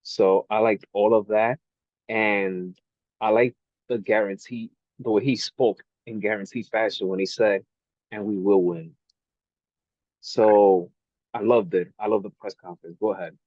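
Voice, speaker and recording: A man's voice: fairly low pitch, fairly even intonation, normal speed, dry recording. A man co-hosting a sports talk show, chatting in an easygoing, conversational way. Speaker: podcast co-host. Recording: dull, dry lo-fi audio.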